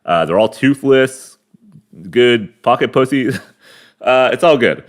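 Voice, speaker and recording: A man's voice: medium pitch, lively intonation, slow pace. A man in his forties from the United States, hosting a rambling, crude solo monologue full of fillers and restarts. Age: 40s. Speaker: podcast host. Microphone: camera mic.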